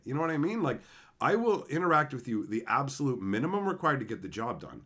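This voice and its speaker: A man's voice: fairly high pitch, animated, fast talker, fairly bright tone. A man streaming and chatting with his viewers, telling blunt, profane stories and laughing as he acts out the people in them. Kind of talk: casual live-stream chat, storytelling.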